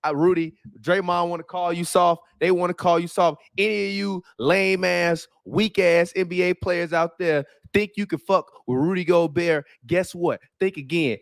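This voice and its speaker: A man's voice: sits high, dry recording, clean studio sound. A man hosting a sports podcast, reacting to a clip in casual, slang-heavy, profane trash talk. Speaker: podcast host.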